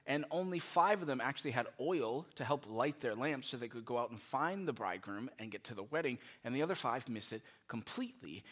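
A man preaching a sermon as pastor, animated and conversational, with many rhetorical questions. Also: medium pitch.

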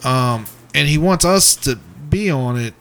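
Halting podcast co-host man. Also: mid-range voice, lively intonation, a bit bright, a little hiss or hum. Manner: halting, restarts and trails off often. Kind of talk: casual crude podcast banter.

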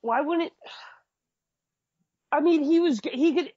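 A man's voice: extremely high pitch, takes it slowly, warm tone, no echo, highs cut off. Sarcastic ranting man, dry sound. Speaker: podcast co-host. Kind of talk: casual wrestling review chat.

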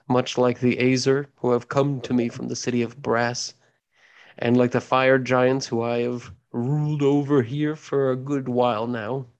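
A man's voice: mid-range voice, a little mellow, muffled recording, close to an everyday voice. A man voicing a scornful ancient dragon queen. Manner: slow, contemptuous, drawn-out threats. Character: ancient scornful female dragon, coldly menacing.

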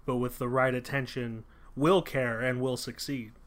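A man's voice: mid-range voice, little pitch movement, normal speed, a bit bright. A man co-hosting a casual film review chat, thoughtful and loose, with plenty of fillers and restarts. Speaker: podcast co-host reviewing a film.

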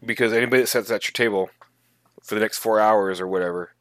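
A man co-hosting a podcast, chatting casually about tabletop gaming in animated, emphatic bursts. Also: lowish voice, quick pace, dry recording. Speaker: podcast co-host.

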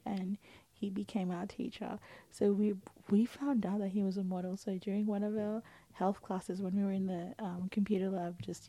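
A woman in a casual chat, often talking softly, near a whisper. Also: mid-range voice, dry recording, rough recording. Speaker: podcast co-host.

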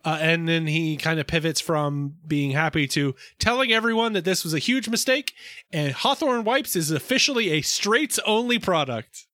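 A man's voice: a little high, expressive, normal speed, pushed and bright, no echo, clean studio sound. A man co-hosting a podcast, chatting casually and animatedly, laughing often and filling his talk with likes. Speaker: podcast co-host. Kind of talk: casual chat recapping episodes.

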